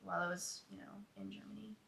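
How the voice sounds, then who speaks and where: A woman in a casual chat, reacting to her friend with short, quick interjections. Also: medium pitch, level tone, gravelly, bright, forceful tone. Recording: voice from a distance off the mic.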